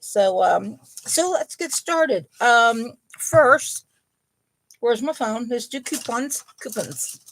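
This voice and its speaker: Slow, gravelly-voiced woman chatting casually. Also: a little high, lively intonation, no room sound. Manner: chatty, rambling, many ums and apologies. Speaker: host of a yarn and crochet channel. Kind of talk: casual live chat. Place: home.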